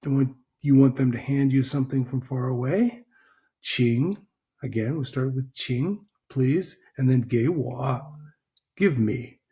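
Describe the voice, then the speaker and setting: A man with a mellow, mid-range voice teaches a recorded language lesson. He speaks slowly and patiently, repeating phrases and frequently checking in with "right?"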